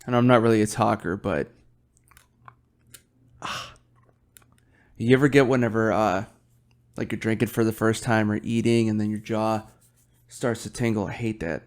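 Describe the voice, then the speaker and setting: A man's voice: lowish voice, steady tone, normal speed, pauses often, darkish tone. Rambling, cursing male podcast host. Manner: rambling, swears often, yawning. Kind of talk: casual solo chat while drinking beer.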